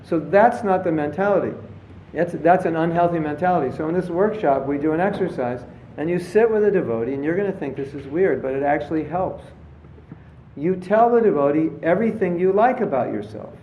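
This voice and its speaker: Speaking to an audience in a roomy, slightly dull lecture recording with slight background noise, this spiritual teacher keeps things casual with jokes and stories, briefly voicing the characters in them. His voice is a little high, animated and fairly quick.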